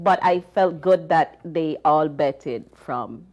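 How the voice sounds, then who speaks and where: A woman's voice: deep voice, slow pace, muffled recording, a crowd in the background. A woman from Jamaica with a Jamaican accent, telling chatty anecdotes with lots of fillers as a panel guest. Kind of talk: casual storytelling.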